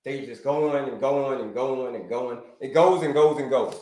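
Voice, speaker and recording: A man hosting a live stream as a health coach, talking in an animated way, repeating his phrases and calling his viewers folks. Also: medium pitch, moderate pace, roomy sound.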